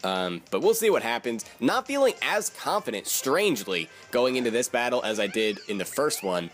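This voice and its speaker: A man's voice: mid-range voice, sing-song, normal speed, a bit bright, faint music behind. A man casually commentating his own game battle, thinking aloud and joking at himself.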